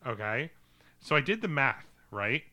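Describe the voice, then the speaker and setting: A man's voice: mid-range voice, big pitch swings, measured pace, sharp tone. A man co-hosting a casual film review podcast, joking and swearing, often restarting his sentences. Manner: joking, profane, stumbles and restarts. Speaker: podcast co-host.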